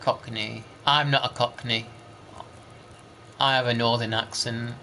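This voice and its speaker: A man with an East Midlands accent talks slowly and easily, chatting with his stream while he plays. His voice is bright and forward, and he keeps a laid-back, muttering tone throughout. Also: medium pitch, steady tone, slight background noise. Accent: East Midlands English. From East Midlands, England. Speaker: game streamer. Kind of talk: casual live-stream chat, reading chat aloud.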